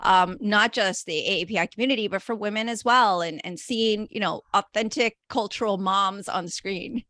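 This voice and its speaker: Animated interviewer woman, bright voice. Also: mid-range voice, moderate pace, few pauses, no room sound. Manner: animated, many fillers. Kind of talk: casual interview talk.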